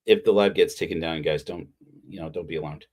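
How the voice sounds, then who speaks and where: A man's voice: very deep voice, steady tone, brisk, darkish tone, breathy edge. A man preaching a casual, heartfelt sermon on a livestream, rambling with frequent restarts. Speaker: pastor. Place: Utah.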